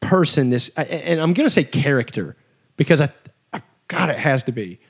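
A man's voice: fairly high pitch, moderate pace, gravelly, breathy edge. A young man co-hosting a podcast in casual chat, talking animatedly and acting out the people he quotes. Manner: animated, acts out quoted voices. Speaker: podcast co-host.

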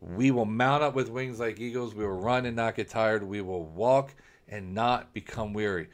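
A man's voice: lowish voice, moderate pace. A man preaching a sermon, earnest and repetitive, often restarting phrases as he builds a point. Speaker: preacher, ministry founder.

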